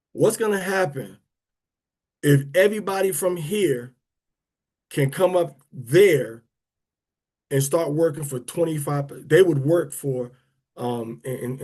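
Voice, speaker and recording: A man's voice: fairly high pitch, a little mellow. A man, talking casually to an online audience, rambling with restarts and drawling words for emphasis. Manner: rambling and conversational, with many restarts. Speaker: speaker of a prayer and teaching livestream.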